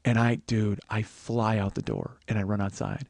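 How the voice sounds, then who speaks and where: A man in his forties hosting a comedy podcast, telling a profane story and breaking into shouts as he reenacts an argument. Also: fairly low pitch, animated, normal speed, gravelly, no echo. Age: 40s. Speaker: podcast host.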